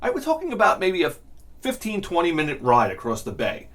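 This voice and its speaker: A man's voice: high-pitched, fast talker. Exasperated man ranting. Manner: profane, exasperated, animated ranting. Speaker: vlog host. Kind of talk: ranting comedic storytelling.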